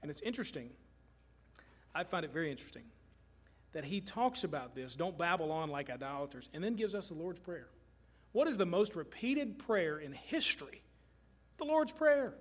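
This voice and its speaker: A man's voice: a little high, sing-song, a little fast, husky. A middle-aged man from Kentucky preaching a sermon as pastor, earnest and emphatic, often repeating his phrases for weight. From Kentucky, USA.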